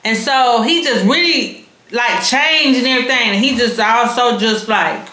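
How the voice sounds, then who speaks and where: A woman's voice: fairly high pitch, expressive, moderate pace, sharp tone. A young woman, telling a story to her vlog audience in a frank, slangy, casually profane way. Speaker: vlogger. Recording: roomy echo.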